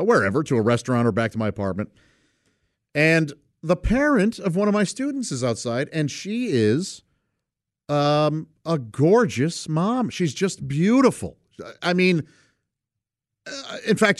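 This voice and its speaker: A man's voice: mid-range voice, no echo, clean studio sound. A man casually telling a personal anecdote, rambling and correcting himself, and chuckling often as he goes. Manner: rambling, self-correcting delivery.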